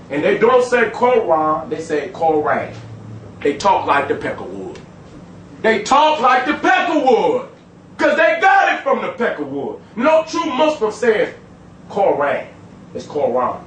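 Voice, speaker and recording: A man lecturing an audience in a profane, emphatic street style, swinging between loud and low. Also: echoey room, far from the mic, slight background noise, low-quality recording. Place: room with a live audience.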